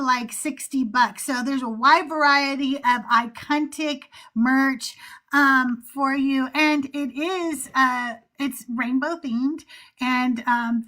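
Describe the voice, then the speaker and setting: Bright high-voiced woman, blunt and heated. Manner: blunt, profane, heated and animated. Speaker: podcast co-host and musician. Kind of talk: casual panel chat.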